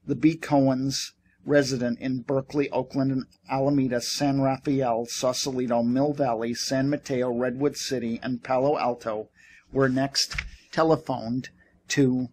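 A man reading a novel aloud as an audiobook narrator. His voice sits at a middle pitch, and he tells the story at a steady, even pace. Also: a little slow, slight background noise.

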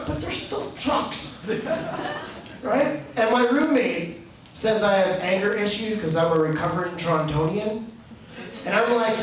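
A Canadian stand-up comic with a high voice performs a set on a comedy club stage, telling deadpan stories with acted-out quotes. The distant mic captures a very echoey room, audience noise, and laughter.

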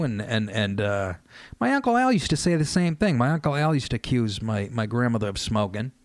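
A man hosting a radio show, telling family stories in a loose, profane, animated comedic monologue. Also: mid-range voice, a little fast, no room sound, studio quality. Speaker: radio host.

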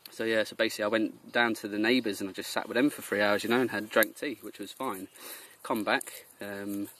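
A young man from Jersey with a slightly low voice vents in a rambling vlog rant. He sounds fed up and keeps drifting into mimicking others as he piles on complaints. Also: fairly even intonation, a little fast, fairly bright tone. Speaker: vlogger. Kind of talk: ranting review vlog.

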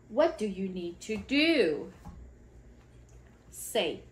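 A woman reading a picture book to toddlers in a slow, sing-song way, acting out sneezes and sounds. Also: medium pitch, sing-song. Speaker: children's educator reading aloud.

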